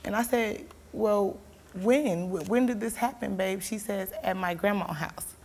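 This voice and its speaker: As a talk show guest, a young woman with a medium-pitched voice recounts an emotional story without hurrying. Her voice turns tearful and pleading, at points escalating into shouts.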